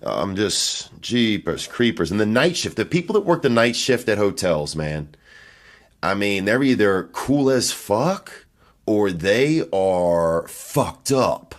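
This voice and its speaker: A man's voice: on the low side, very animated, takes it slowly. A man hosting his podcast, telling loose, profane, offhand stories in a rambling comic monologue from a hotel room. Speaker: podcast host and comedian.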